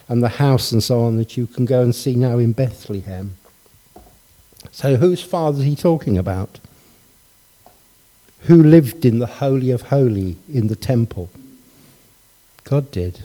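A man's voice: mid-range voice, dark tone. A middle-aged man preaching a sermon, telling a family story and asking his congregation rhetorical questions in a conversational way.

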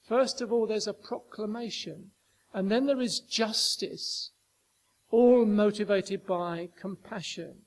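A man with a notably high voice delivers a sermon. He talks emphatically, repeating phrases for weight and putting questions straight to his listeners. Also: slow. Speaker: preacher.

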